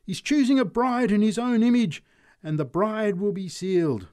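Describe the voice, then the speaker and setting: A man voicing a shrill fervent street preacher woman. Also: moderate pace, warm tone, no echo, studio quality, natural voice. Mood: ecstatic.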